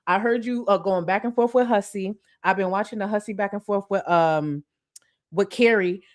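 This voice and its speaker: A woman YouTuber giving blunt, profane casual commentary who sometimes bursts into excited shouting. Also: medium pitch, moderate pace.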